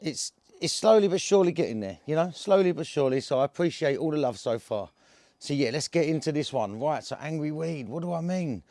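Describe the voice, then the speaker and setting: A man with an Essex accent and a somewhat high voice rambles through a casual story to camera. He is full of slang and filler and keeps restarting his sentences. The sound is dry and close, with no room echo. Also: lively intonation, fairly quick, mellow. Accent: Essex English. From England. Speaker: cannabis vlogger.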